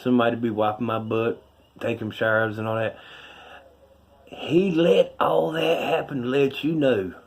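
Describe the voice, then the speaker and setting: A man's voice: medium pitch, a little mellow. A middle-aged man with a North Carolina Southern accent, a street preacher giving a rambling, folksy, emphatic spoken testimony.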